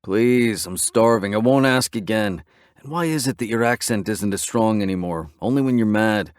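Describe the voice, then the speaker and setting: A man's voice: fairly low pitch, normal speed, clean tone, dry recording, studio quality, close to an everyday voice. A man voicing a tired, hungry biker who jokes and pleads in a whiny, wheedling way.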